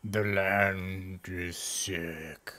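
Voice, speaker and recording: A man puts on a great ailing oak tree spirit from a tabletop game, its voice deep and dragging as if every word costs effort. Weary and low, it lingers on each syllable. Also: fairly even intonation, sharp tone, heavily acted. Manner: slow, low, drawn-out booming. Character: huge sick old oak tree spirit, slow and weary.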